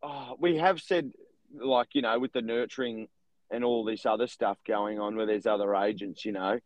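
A young man, a real estate agent and podcast co-host, telling stories in an animated, casual way. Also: fairly low pitch, moderate pace, no room sound, lo-fi sound. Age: young adult. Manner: animated storytelling with laughs. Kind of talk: casual chat.

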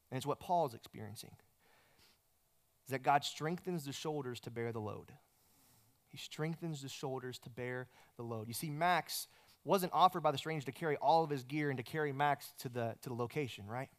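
Smooth-voiced male preacher telling a story. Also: on the high side. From United States. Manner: storytelling, conversational with repetitions. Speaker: pastor. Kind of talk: sermon.

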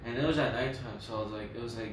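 A man's voice: medium pitch, rapid-fire, distant mic. A young man telling a story casually, rambling and slangy with many fillers. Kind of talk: casual chat, ghost story. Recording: echoey room from off-mic with noise.

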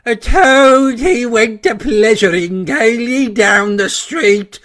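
A man voicing a pompous male weasel chief who gives a speech in a high, squeaky voice. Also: lively intonation, slow, a bit bright. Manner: pompous after-dinner speaker.

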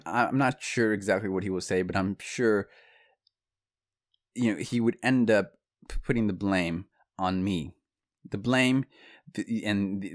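A man telling a personal story to viewers in a casual, conversational monologue, with asides and restarts. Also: low voice.

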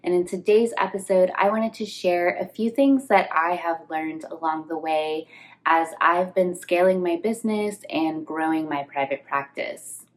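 A woman with a low, nasal voice hosts a solo podcast, sounding congested as she gets over an illness. She talks in an earnest, reflective way, like a casual chat with her listeners. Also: a little slow, poor audio. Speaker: podcast host.

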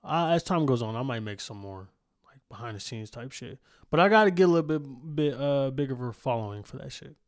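A man's voice: medium pitch, lively intonation, fairly quick. A young man hosting his own podcast from a home studio, rambling and swearing freely, laughing at himself. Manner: profane, rambling, self-mocking, laughs often. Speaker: podcast host. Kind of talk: casual solo podcast outro. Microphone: studio microphone.

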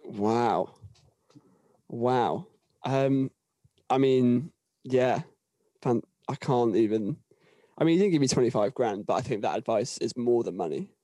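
A man's voice: medium pitch, unhurried, long pauses, no room sound. Rambling British man telling road stories. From Britain. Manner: rambling, repeats words, animated storytelling. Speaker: touring musician guest. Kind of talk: casual anecdote-telling.

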